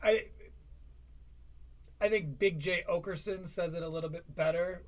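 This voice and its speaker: A man hosting a live stream, commenting casually in a chatty, self-deprecating way. His voice is notably high for a man, and he keeps tossing in quick asides. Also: distant mic. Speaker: streamer host.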